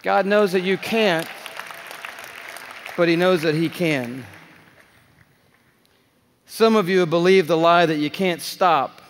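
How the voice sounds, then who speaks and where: A man's voice: high voice, slow pace, pauses often, a faint crowd, slight background noise. A man preaching at a large conference, emphatic and drawn out, with playful asides. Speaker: conference speaker. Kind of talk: sermon. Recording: reverberant live hall.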